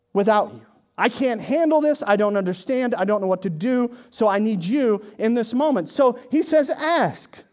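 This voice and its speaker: A male pastor preaching a sermon in a conversational way, with sarcastic asides, swinging from hushed lines to emphatic ones. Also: high-pitched.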